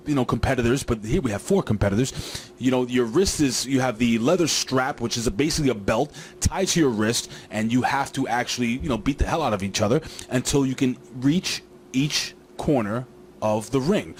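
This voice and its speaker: A man's voice: mid-range voice, animated, a little fast. Rambling, jokey male wrestling reviewer. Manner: rambling, jokey, talks straight to viewers. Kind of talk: casual recap commentary.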